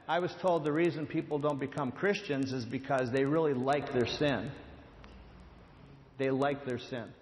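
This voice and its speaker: A man's voice: a little high, slight background noise. Conversational man preaching in a reverberant hall. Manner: conversational, repeats words, acts out quotes. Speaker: speaker on addiction and grace. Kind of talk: sermon with storytelling.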